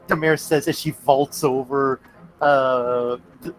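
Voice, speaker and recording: A man's voice: mid-range voice, steady tone, takes it slowly. A man playing a tabletop game, brash and swearing freely. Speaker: player.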